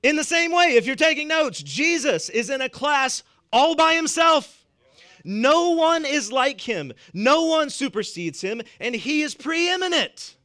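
A man's voice: very high-pitched, big pitch swings, measured pace, bright, forceful tone. A man with a Southern US accent preaching a sermon as pastor, emphatic and repeating words for weight, chuckling between points. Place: church.

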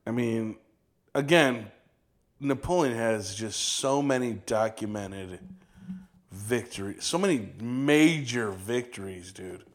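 A man co-hosting a casual podcast chat, laid-back and swearing often. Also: medium pitch. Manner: slow, laid-back, swears and says "dude" a lot. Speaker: podcast co-host.

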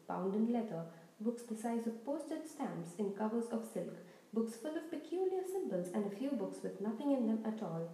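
A woman narrating a storybook in an even, measured way. Her voice is mellow and a little high. The recording has a roomy echo. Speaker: audiobook reader.

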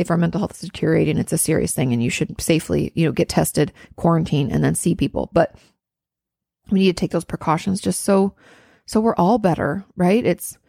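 A woman in her thirties talks a listener through coping advice, earnest and reassuring, with casual swearing. Her voice sits low and has a gravelly fry. The sound is dry and close, with no room around it. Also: darkish tone, no echo. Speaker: therapist answering a listener. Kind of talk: advice podcast.

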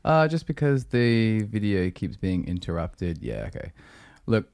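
A man's voice: on the low side, sing-song, unhurried, a little mellow, dry recording. A man co-hosting a laid-back podcast. He talks in a playful, joking way, with goofy turns of phrase. His tone stays loose and conversational. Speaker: podcast co-host. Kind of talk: casual chat.

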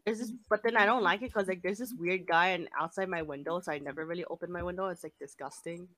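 A young woman chatting casually, telling work stories in an animated way with lots of swearing and "like". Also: on the low side, fast, no room sound. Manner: animated storytelling, frequent swearing and "like". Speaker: cashier. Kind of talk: casual chat.

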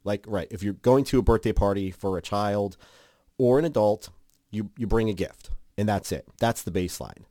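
A man co-hosting a casual chat podcast, animated and acting out quoted lines. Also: normal speed, dry recording, studio quality. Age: adult. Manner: animated, acts out quotes with big pitch jumps. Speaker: podcast co-host.

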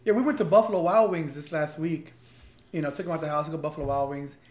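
A man hosting a casual chat, bantering and reacting with quick jokes. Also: a little high, fairly even intonation, a little mellow. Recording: echoey room with faint hum.

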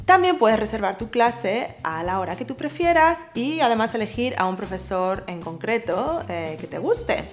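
A woman hosting a bilingual language lesson, reading quiz prompts in a playful, lively way. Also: medium pitch, fairly quick, soft background music. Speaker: host.

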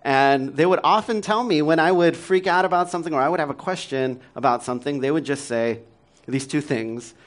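A man's voice: fairly high pitch, a little fast. Man preaching a casual, conversational sermon. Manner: conversational, self-deprecating, frequent laughs and fillers. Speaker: pastor.

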